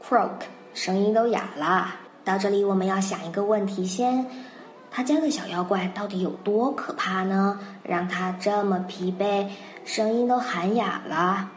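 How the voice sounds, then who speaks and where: Here a woman whose first language is Mandarin speaks at medium pitch and a slightly slow pace, with a little hiss or hum audible. In this bilingual lesson she patiently narrates a children's story, explains English vocabulary, and repeats phrases. Faint music plays in a roomy-sounding space.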